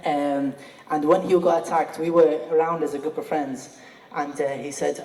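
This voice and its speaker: A man, a former student, tells a humorous story on stage, full of fillers and restarts. His voice sits a little high and carries the long ringing echo of a large hall, heard from a distance with faint background hiss. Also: fairly even intonation, fairly quick, darkish tone. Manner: jokey, hesitant storytelling with fillers. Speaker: former student giving a speech. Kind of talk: anniversary speech with a humorous anecdote. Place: school event hall. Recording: echoey hall, speaker far from mic.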